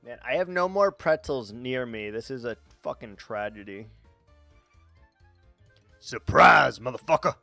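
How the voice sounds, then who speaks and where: A man's voice: mid-range voice, lively intonation, normal speed, hardly any pauses, no echo. A man chatting casually while streaming a game, rambling, swearing freely and talking to his chat. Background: faint background music.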